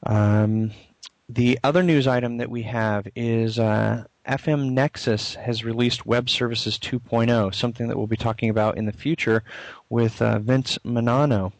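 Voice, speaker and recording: A man's voice: mid-range voice, fairly even intonation, normal speed, dry recording. A man co-hosting a podcast in casual, rambling chat, with many fillers. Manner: chatty, rambling, filler-heavy. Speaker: podcast co-host.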